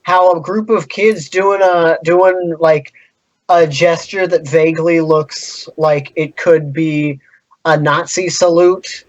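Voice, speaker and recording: A man co-hosting a podcast, chatting casually with a sarcastic, halting manner. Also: a little high, steady tone, no echo, highs cut off. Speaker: podcast co-host. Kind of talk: casual chat.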